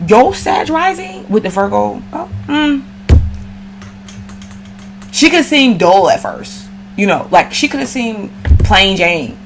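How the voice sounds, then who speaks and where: A woman's voice: mid-range voice, animated, takes it slowly, pauses often, soft background music. A woman giving a casual, slangy astrology reading and talking straight to the viewer. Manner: slangy, chatty, addresses viewer directly. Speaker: astrology reader.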